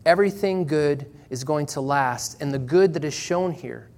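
A man preaching a sermon in church, earnest and measured, slowing down and pausing for emphasis. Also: on the high side, a little mellow. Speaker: pastor.

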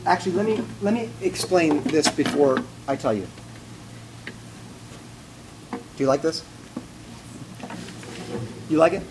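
A man's voice: fairly high pitch, expressive, slow pace, long pauses, noisy background. A man giving a sermon in a church, telling a conversational, self-mocking personal story and acting out the dialogue. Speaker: pastor.

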